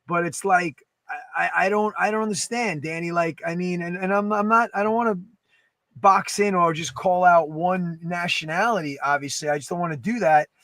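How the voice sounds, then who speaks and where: A man co-hosting a podcast in casual chat, animated and emphatic, swearing freely. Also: high voice, normal speed, dry recording. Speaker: podcast co-host.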